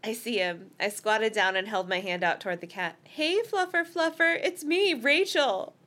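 A woman's voice: fairly high pitch, moderate pace, pushed and bright. A woman co-hosting a casual podcast over a video call, reading a novel aloud with playful voices and chatting between passages. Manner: reads with playful character voices and laughs.

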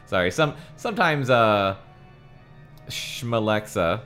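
A man's voice: mid-range voice, expressive, slow, a bit bright, faint music behind. A man co-hosting a podcast, reading a book aloud with giggly, joking asides.

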